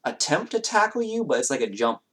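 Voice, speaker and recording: A man's voice: fairly high pitch, sing-song, a little fast, a bit bright. A man narrating as game master, talking casually with lots of hesitations. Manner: hesitant, many fillers and restarts.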